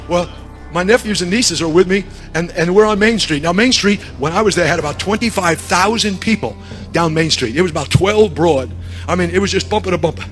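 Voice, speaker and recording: A middle-aged man preaching a sermon through a long personal story, animated, dropping low and then shouting. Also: fast talker, soft background music. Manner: animated, shifts from hushed to shouting.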